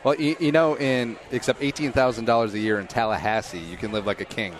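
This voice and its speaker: A middle-aged man hosting a podcast, chatting casually and cracking quick jokes. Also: mid-range voice. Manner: joking, quick asides. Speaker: podcast host. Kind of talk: casual chat.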